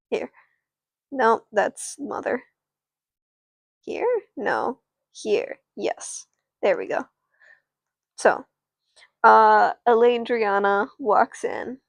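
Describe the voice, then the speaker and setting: A woman's voice: medium pitch, creaky, dry recording. A sleepy woman narrating a doll story on a live stream, rambling and chatting with viewers. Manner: rambling, with restarts and asides to viewers.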